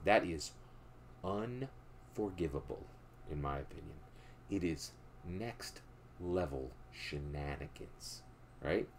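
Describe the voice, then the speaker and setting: A man's voice: animated, slow pace, long pauses, a little hiss or hum. A man from Philadelphia giving casual storytelling political commentary, emphatic and tagging sentences with "right?". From Philadelphia, USA. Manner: tags nearly every sentence with a questioning "right?"; emphatic, drops low and quiet for moral points.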